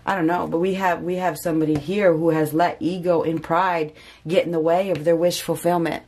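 A woman's voice: fairly low pitch, fairly even intonation, fairly quick, darkish tone. A woman giving a casual spoken tarot reading, chatty and repeating phrases for emphasis. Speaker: tarot reader.

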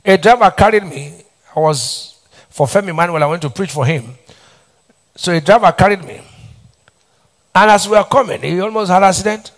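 Nigerian male preacher, slightly high voice, call-and-response style, middle-aged. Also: a little fast. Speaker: pastor. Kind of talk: sermon. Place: church hall.

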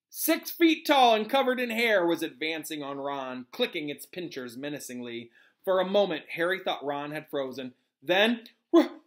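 A male teacher reading a novel aloud to his students in an animated way, pausing to correct himself and explain. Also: high voice.

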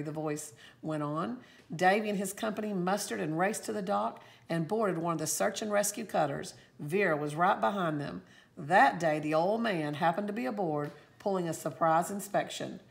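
A woman teacher reading a storybook aloud with expressive, lively storytelling. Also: lowish voice, moderate pace, gravelly.

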